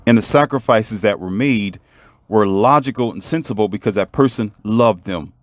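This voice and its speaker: A man's voice: lowish voice, normal speed, no room sound. A man telling a story in a motivational monologue, emphatic and preachy, and talking straight to the viewer. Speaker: vlogger.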